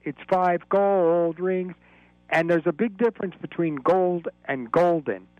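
A man's voice: a little high, no room sound, muffled recording. A man calling in to a radio talk show from Florida, explaining at length in a rambling, lecturing way. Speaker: caller. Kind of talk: call-in radio chat.

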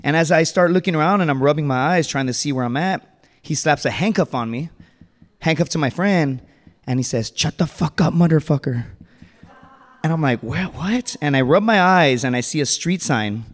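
A stand-up comedian tells a rambling, conversational story on a live stage, packed with fillers and his own chuckles. His voice is fairly high and fairly quick, and the hall is reverberant.

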